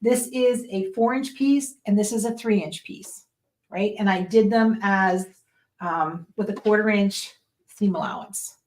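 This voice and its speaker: A woman's voice: medium pitch, a little slow, darkish tone. A woman who teaches sewing, explaining each step in a casual tutorial at her machine and checking in with "right?" and "okay?". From Western Pennsylvania. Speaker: sewing instructor.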